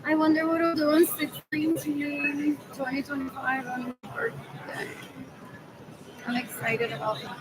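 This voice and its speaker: High-pitched woman rambling to camera, keeps repeating herself, drops spanish bits in, noisy background. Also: little pitch movement, a little slow. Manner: rambling, repeats "what else" over and over; mixes Spanish phrases into English. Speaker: vlogger.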